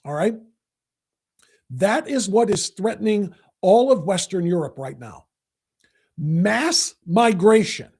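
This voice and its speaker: A man hosting his own opinion podcast, talking emphatically with deliberate pauses. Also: high-pitched, darkish tone, breathy edge. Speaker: podcast host. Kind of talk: opinion commentary.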